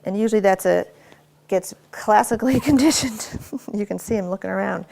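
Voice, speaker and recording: A woman's voice: medium pitch, fairly quick, vocal fry, darkish tone. A woman dog trainer working with a dog inside a house, explaining her method to viewers between short, firm commands to the dog. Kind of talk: instructional dog training demonstration.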